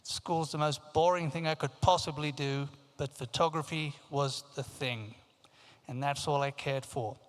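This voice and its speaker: A man's voice: fairly high pitch, a little slow. Storytelling man in an echoing hall. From Africa, raised in England. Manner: lively anecdotal storytelling, acting out quoted voices. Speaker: keynote speaker. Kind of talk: storytelling talk. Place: large conference hall. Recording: long hall reverb.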